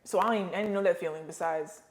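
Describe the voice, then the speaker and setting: In a relaxed storytelling interview on a podcast, this American woman, once a professional basketball player, gets lively and slangy and performs character voices. She speaks quickly in a lowish register.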